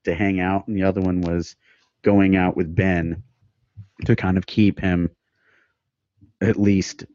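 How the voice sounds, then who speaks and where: A man's voice: sits low, level tone, mellow, dry recording. Rambling, laughing man, close mic. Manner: laughing, rambling storyteller with quick asides. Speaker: guest musician. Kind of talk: casual podcast chat. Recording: dry, dull lo-fi sound, mic too close to mouth.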